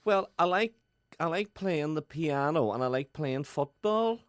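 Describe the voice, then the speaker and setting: A woman's voice: sits low, animated, a little slow. A woman with a Northern Irish accent chatting and protesting playfully in a radio studio. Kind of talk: comic radio chat.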